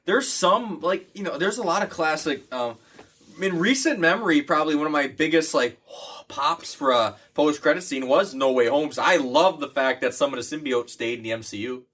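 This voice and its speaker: A man's voice: on the high side, normal speed, fairly bright tone. A man co-hosting a podcast in casual chat, rambling and swearing, laughing often. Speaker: podcast co-host.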